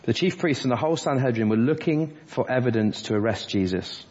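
A man delivering a sermon, his voice husky and a little breathy. He talks earnestly through the passage verse by verse. The sound is dull and lo-fi, with a long reverb from the church hall. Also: medium pitch, expressive, brisk, darkish tone. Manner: earnest expository preaching, quoting scripture verse by verse. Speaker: preacher.

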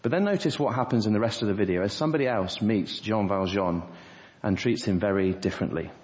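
A man's voice: fairly low pitch, fast, darkish tone. A man preaching an earnest sermon as a pastor, acting out quoted speech in a raised voice. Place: church hall. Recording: dull reverberant church recording.

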